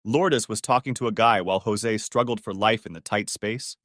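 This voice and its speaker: A man reading a first-person audiobook story in a steady storytelling manner. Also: fairly low pitch, moderate pace, no echo, studio quality. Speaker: narrator. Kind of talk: scripted audiobook narration.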